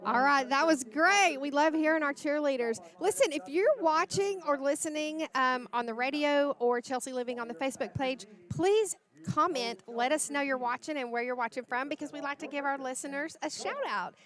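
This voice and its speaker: A woman's voice: sits high, normal speed, hardly any pauses, a bit bright. A woman, announcing for a livestream sports broadcast and reading out lists of names in a chatty way.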